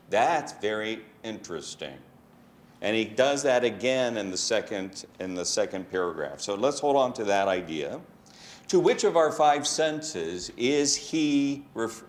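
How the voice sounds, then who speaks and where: A male teacher leading a classroom lesson, asking questions, calling on students and restating their answers. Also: lowish voice.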